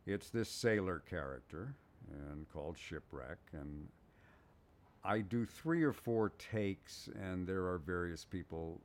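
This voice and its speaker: An older man with a very low, deep voice tells an interview anecdote about his work as a voice actor. He recounts it as an animated storyteller, slipping into the voices of the people he quotes. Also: slow pace.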